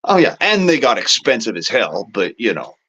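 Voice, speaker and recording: A man hosting his own show delivers a rambling, profanity-laced rant. His pitch swings widely as he works himself up, and he breaks into amused, exasperated laughter at his own complaints. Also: huge pitch swings, moderate pace, a bit bright, breathy edge, dull audio. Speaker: show host. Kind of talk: casual ranting monologue.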